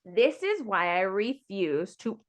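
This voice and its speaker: A woman's voice: medium pitch, sing-song, slow. A woman hosting a casual podcast chat, telling her own story frankly and acting out the other people's lines in quotes. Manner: frank, exasperated. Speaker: podcast host sharing her surrogacy story.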